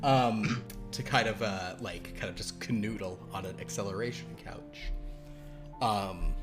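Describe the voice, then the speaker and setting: A man's voice: on the low side, unhurried. Man, game master, tabletop game narration, rambling, filler-heavy, faint background music. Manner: rambling, full of ums and uhs, chuckling.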